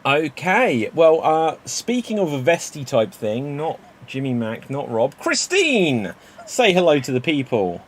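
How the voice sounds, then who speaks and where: A man's voice: fairly high pitch, very animated, measured pace. A man hosting a live-streamed improv comedy show, playful and jokey, talking into a webcam mic on a video call. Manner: upbeat, playful, jokey banter.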